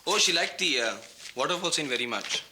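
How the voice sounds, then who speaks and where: A man's voice: on the high side, expressive, a little fast, background noise, close to an everyday voice. An actor playing a boastful, flirtatious male film star with an Indian accent, breezily mixing Hindi into his English. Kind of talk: 1990s TV drama acting.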